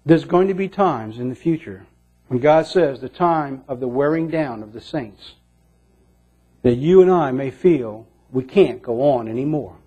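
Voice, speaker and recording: A man preaching a sermon in an earnest way, moving between emphatic lines and hushed ones. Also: medium pitch, expressive, a little slow, slightly rough. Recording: dull lo-fi recording.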